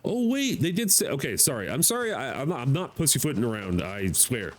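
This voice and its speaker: An American man streaming a game live, talking to himself, excitable and swearing freely. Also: medium pitch, a little fast, poor audio. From United States. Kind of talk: live gameplay commentary.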